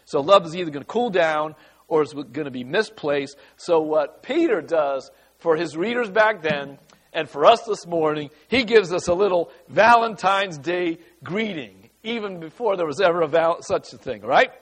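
A man's voice: a little high, lively intonation, normal speed, fairly bright tone. A middle-aged pastor preaching a folksy, conversational sermon in church, talking with his congregation.

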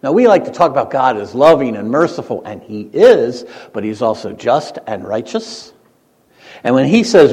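A male pastor preaches with a lively, swinging voice that climbs to emphatic peaks and drops to hushed asides. His sermon rings out in a church sanctuary, with a long reverb trailing every phrase. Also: mid-range voice, moderate pace, slightly rough. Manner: animated preaching, rising to emphatic peaks and dropping to quiet asides.

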